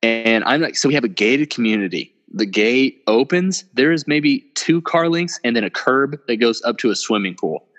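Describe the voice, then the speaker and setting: A man's voice: medium pitch, animated, normal speed, few pauses, long reverb tail, faint music behind. A young man casually telling a long story, rambling and swearing, often laughing at himself. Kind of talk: casual podcast chat.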